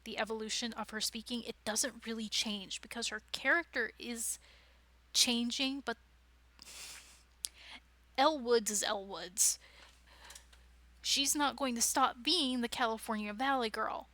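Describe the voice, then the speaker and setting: Casting: woman workshop presenter, chatty and keen, bright voice, slightly high, dry close sound. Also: a little slow, long pauses, dry recording. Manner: chatty, digressive, enthusiastic. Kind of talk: informal lecture.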